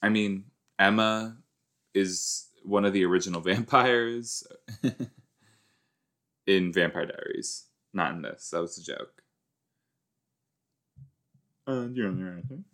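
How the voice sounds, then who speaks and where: A man's voice: low-pitched, slow pace, long pauses, fairly bright tone. A man hosting a rewatch podcast, giving rambling, jokey reaction commentary that often trails off.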